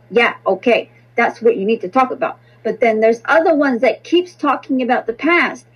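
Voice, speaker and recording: Blunt, swearing woman with a high voice. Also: slightly rough, low-quality recording. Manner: blunt, repetitive, profane, emphatic. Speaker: tarot reader and podcast host. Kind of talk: casual spoken monologue.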